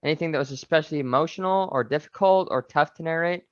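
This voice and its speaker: A man co-hosting a podcast, eager and quick to agree, with a somewhat high, smooth and clear voice. His sound is dry but dull and lo-fi. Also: no echo. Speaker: podcast co-host. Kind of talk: casual interview chat.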